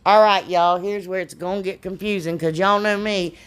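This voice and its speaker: A woman's voice: medium pitch, steady tone, normal speed, smooth. A middle-aged woman, rambling and self-deprecating as she explains a craft in a casual tutorial. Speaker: DIY crafts channel host.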